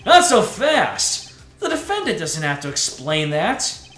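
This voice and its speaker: A suave, smug German prosecutor with a deep, slow drawl, as a streamer puts him on. The voice rises and falls in lively swings, and the room is echoey with soft music behind. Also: male voice, heavily acted. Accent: put-on German. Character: suave German male rock-star prosecutor.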